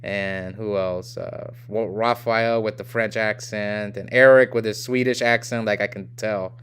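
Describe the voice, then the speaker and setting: A man's voice: fairly low pitch, fairly even intonation, measured pace, fairly bright tone, clean tone. A young man from the United States hosting a live game stream, chatting casually and reading viewer comments aloud in a rambling way. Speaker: livestream host.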